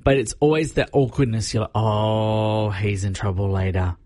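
A man's voice: on the low side, steady tone, normal speed, a little mellow. A man hosting a breakfast radio show, trading wry, joking banter with his co-host. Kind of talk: casual radio chat.

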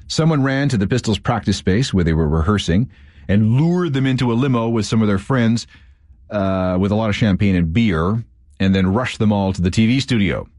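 A man hosting a radio history show, telling a story in lively, wry narration. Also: fairly low pitch, a little fast, no echo, clean studio sound. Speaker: radio host.

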